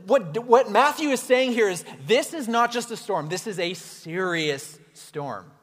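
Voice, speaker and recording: Sex: man. Role: pastor. Style: animated sermon in an echoing hall. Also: sits high, a little slow. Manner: animated, conversational, with asides to the congregation. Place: church hall. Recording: echoey hall reverb.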